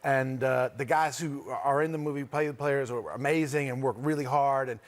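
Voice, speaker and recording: A man's voice: medium pitch, fairly even intonation, normal speed. A man in his forties who grew up near Boston, a guest actor chatting casually on a sports show, talking in loose, rambling sentences with many fillers and restarts. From Boston area. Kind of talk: casual chat.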